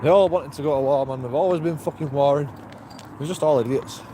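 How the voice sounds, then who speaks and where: A man films himself outdoors, his voice sitting slightly high for a man. He rambles and swears, laughing to himself between thoughts. Clear street and traffic noise runs underneath him. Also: fairly quick, warm tone. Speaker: street video blogger. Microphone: handheld camera.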